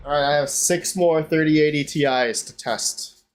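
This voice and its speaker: A man's voice: fairly high pitch, normal speed, soft background music. A man hosting a casual livestream, chatting to viewers as he tests hardware. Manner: chatty, talks to viewers while working on hardware. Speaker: livestream host.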